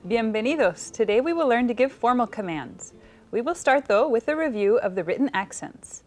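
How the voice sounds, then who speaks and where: A woman's voice: fairly high pitch, lively intonation, normal speed. A woman co-teaching a bilingual televised Spanish lesson, attentive, repeating and confirming words.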